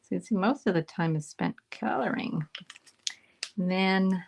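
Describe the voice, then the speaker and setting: This Canadian woman hosts an easygoing live card-making demo, talking and thinking out loud as she colors and often sinking to a murmur. She has a lowish voice with vocal fry, speaks at a measured pace with frequent pauses, and heavy background noise fills the clip.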